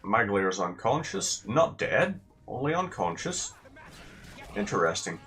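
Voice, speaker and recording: A man's voice: fairly low pitch, very animated, unhurried, a bit bright. A man giving casual, sarcastic gameplay commentary with rambling asides.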